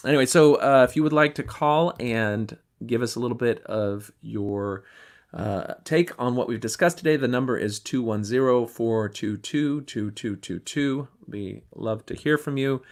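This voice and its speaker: A man's voice: mid-range voice, normal speed. A man hosting a podcast and commenting in a casual, critical tone, with the odd um along the way. His voice sits in a mid range. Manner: conversational and critical, with ums and throat-clearing. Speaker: podcast host.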